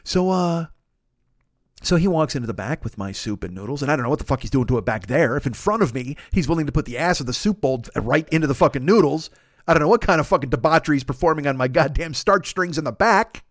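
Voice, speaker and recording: A man with a high voice spins a long comic rant packed with swearing. His pitch leaps around as he does the voices of everyone in the tale. The sound is dry and close, with no room around it. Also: fast, no echo. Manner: profane, animated, acts out voices in his stories. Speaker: podcast host. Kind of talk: comic storytelling monologue.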